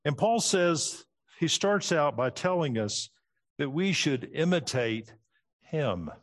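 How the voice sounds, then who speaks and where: A man's voice: animated, slow pace. Man preaching a structured sermon. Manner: structured, teaching, drops pitch at phrase ends. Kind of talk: expository sermon.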